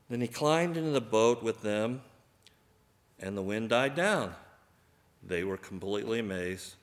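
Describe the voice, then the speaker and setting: A man preaching a sermon, animated, acting out the voices of the people in the story. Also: fairly low pitch, a little slow, pauses often, echoey room. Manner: animated, acts out voices of biblical figures.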